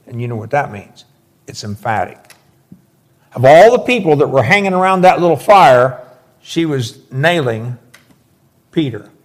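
A man's voice: mid-range voice, very animated, a little slow, pauses often. A man preaching a verse-by-verse sermon, explaining scripture with emphatic, folksy asides.

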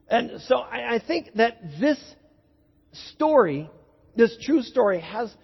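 Animated preacher with a husky, high voice. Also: male voice. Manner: animated storytelling, building to excited peaks. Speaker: pastor. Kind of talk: sermon. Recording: dull lo-fi sound with long hall echo.

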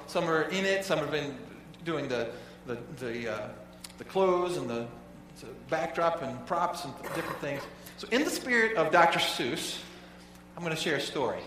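A male pastor delivers a relaxed sermon in a fairly high voice, doubling back on words and pausing often. He sounds distant in a large, heavily echoing church with a long reverb. A faint hum runs underneath. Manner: conversational, halting, repeats words. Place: church sanctuary. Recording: echoey hall, voice from far off.

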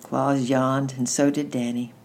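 Storytime reader, woman, unusually deep low voice, gentle steady read-aloud. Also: unhurried. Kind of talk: reading a children's book aloud.

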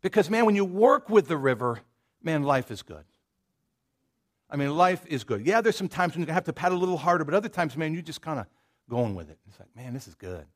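A male pastor with a drawl preaches to his congregation in a casual, storytelling manner, trailing off into asides and restarting his sentences. His voice sits a little high for a man. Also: sing-song, a little fast. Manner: folksy and conversational, with many restarts and asides. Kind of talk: sermon. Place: church sanctuary.

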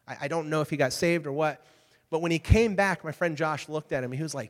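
Young pastor preaching in a reverberant hall. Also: male voice, on the high side, fast talker. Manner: conversational, animated storytelling with frequent "okay?" check-ins. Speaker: youth pastor. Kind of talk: casual youth sermon.

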